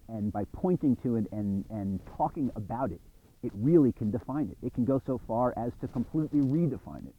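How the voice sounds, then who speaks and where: A man's voice: mid-range voice, lively intonation, brisk, muffled recording, a little hiss or hum. A middle-aged man giving a recorded university course lecture, talking in a conversational, reflective way with small restarts.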